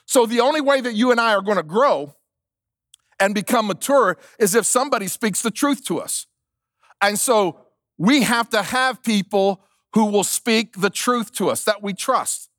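A man's voice: sits high, lively intonation, normal speed, fairly bright tone, no room sound, studio quality. A male pastor preaching a sermon, emphatic, repeating key lines and asking the congregation questions.

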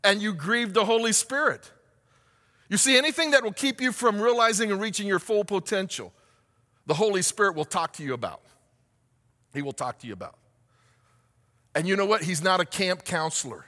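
A man preaching a sermon in a high, bright voice, his words ringing out in a long hall reverb. He speaks as a pastor, firing rhetorical questions at the congregation and building to shouts. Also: lively intonation, normal speed, long pauses.

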